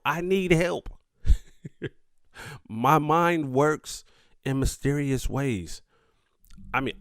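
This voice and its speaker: A man's voice: mid-range voice, dry recording, studio quality. A young man hosting a podcast alone, talking straight to his listeners in a profane, laughing, casual way. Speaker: podcast host. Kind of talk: casual solo podcast monologue.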